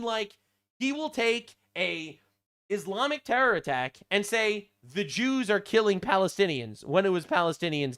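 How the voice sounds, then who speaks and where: A man hosting a commentary channel, talking in a mocking, deadpan sarcastic way with frequent fillers. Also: high voice, clear, resonant tone.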